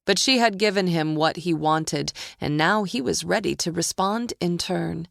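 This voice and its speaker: A woman narrating a psychological thriller audiobook in a measured, deliberate way. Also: lowish voice, creaky, no room sound, studio quality.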